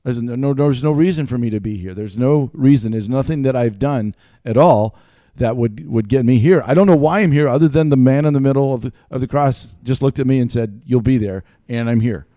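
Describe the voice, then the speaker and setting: Man's own voice as baffled thief in heaven, earnest, a touch higher, dry. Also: fairly quick, hardly any pauses, dark tone, no room sound, close to an everyday voice. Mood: bewildered. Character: bewildered male thief just arrived in heaven.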